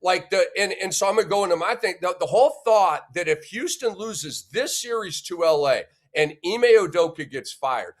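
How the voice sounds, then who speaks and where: A man's voice: sits high, animated, moderate pace, few pauses. A man hosting a sports podcast, giving an emphatic, opinionated rant and punctuating his points with a questioning "okay?". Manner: blunt and insulting toward critics.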